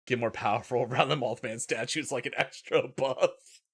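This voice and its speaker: A man's voice: mid-range voice, steady tone, moderate pace, creaky, fairly bright tone, slightly rough. A man hosting a casual livestream, sleepy and tired, swearing often and laughing a lot. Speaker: livestream host.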